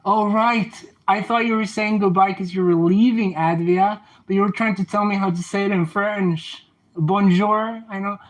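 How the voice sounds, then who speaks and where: A man's voice: high-pitched, steady tone, normal speed, poor audio. A young man livestreaming casually, chatting back to viewer comments and playfully trash-talking an oven as he cleans it.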